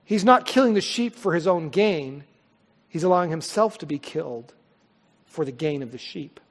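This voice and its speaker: A male pastor delivers a sermon with earnest, dynamic force, building to loud swells and then dropping into hushed pauses. His voice sits high for a man. The sound carries a long reverb from a large church hall. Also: lively intonation.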